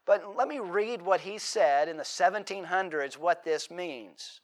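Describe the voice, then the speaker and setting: A man's voice: high voice, measured pace. A middle-aged man preaching a sermon, reading scripture aloud with emphatic delivery and frequent word repetitions. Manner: emphatic preaching, repeats words, dramatic acted quotes. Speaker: pastor.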